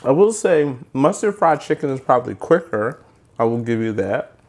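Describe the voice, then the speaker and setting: A man's voice: mid-range voice, very animated, normal speed. A man hosting a casual home cooking vlog and tasting food in his kitchen, talking eagerly and directly to his viewers. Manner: chatty, enthusiastic, talks straight to viewers. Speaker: cooking channel host. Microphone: handheld microphone.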